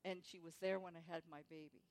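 A woman's voice: fairly low pitch, fairly even intonation, brisk. Woman telling her testimony in church. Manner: storytelling, acting out the voices of people she quotes. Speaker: guest speaker giving testimony. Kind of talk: personal testimony at a church service.

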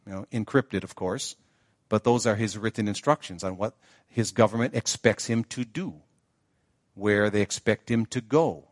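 A man's voice: on the low side, dry recording, studio quality. A male pastor preaching a sermon in a conversational way, often checking in with the congregation. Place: church sanctuary.

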